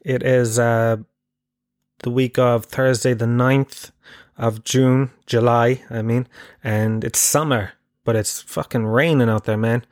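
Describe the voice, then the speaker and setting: A man's voice: medium pitch, steady tone, slow, a little mellow, dry recording, clean studio sound. A man hosting his own podcast, rambling through stories in a casual, self-mocking way and swearing freely. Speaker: podcast host. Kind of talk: comedic casual monologue.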